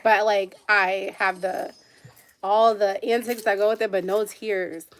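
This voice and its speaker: A woman's voice: medium pitch, fairly even intonation, a little slow. Woman rambling through a phone livestream. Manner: rambling, emotional storytelling with frequent "like". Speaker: livestream host. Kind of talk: casual livestream chat.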